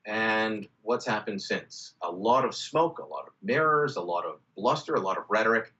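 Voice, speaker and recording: A man's voice: on the low side, lively intonation, normal speed, sharp tone. A man giving emphatic, opinionated political commentary over a video call, with frequent "uh" and "you know". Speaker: political contributor. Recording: muffled video-call audio.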